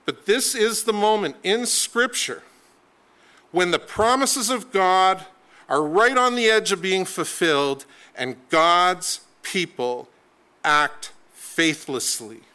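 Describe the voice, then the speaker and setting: A male preacher delivering a sermon in a fairly high voice that is forceful and crisply clear. He tells the story dramatically, pressing hard on key words and shifting his pace for effect.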